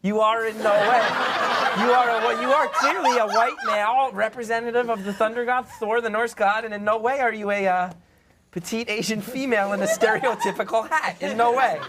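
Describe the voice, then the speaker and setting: A man's voice: sits high, fairly even intonation, normal speed, noisy background. A man hosting a live comedy show, flustered and stammering through apologies. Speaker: host. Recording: loud studio audience.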